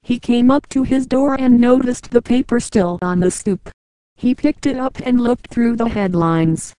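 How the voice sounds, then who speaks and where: Audiobook reader, woman, higher-pitched and mellow, steady narration, dry close sound. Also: measured pace, dry recording, low-quality recording. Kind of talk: novel narration.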